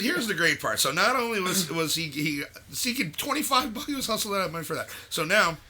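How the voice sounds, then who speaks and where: A man hosting a casual podcast, telling a story in an animated way with frequent laughs. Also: high voice. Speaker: podcast host.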